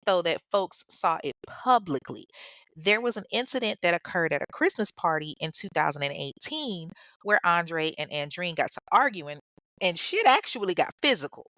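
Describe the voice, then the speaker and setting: A woman's voice: mid-range voice, fairly bright tone, dry recording. A woman hosting a podcast, casually recounting a true-crime case, chatty and blunt, swearing freely and talking straight to her listeners. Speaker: podcast host.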